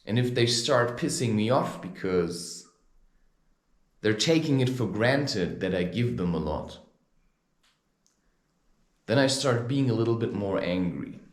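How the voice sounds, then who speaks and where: A man in a ranting vlog monologue, heated and animated, with his pitch swinging widely. The room around him rings with a noticeable echo. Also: a little slow, pauses often. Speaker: spiritual advice vlogger.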